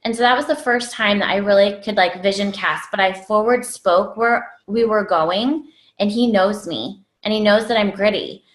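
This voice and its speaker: A woman's voice: mid-range voice, normal speed, few pauses, roomy sound. A woman in her thirties, a guest in an interview, telling a personal story in a chatty, gritty way with lots of fillers.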